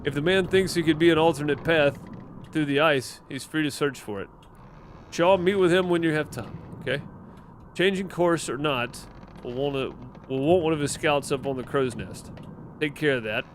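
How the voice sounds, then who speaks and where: A man voicing a steady ship captain in a video game, speaking in a calm, commanding way. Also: on the high side, moderate pace, a little hiss or hum, lightly acted.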